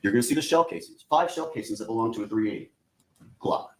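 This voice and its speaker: A man's voice: on the low side, expressive, fast. Man giving a courtroom opening statement. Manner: addresses the jury directly, repeating "you're gonna". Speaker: prosecutor.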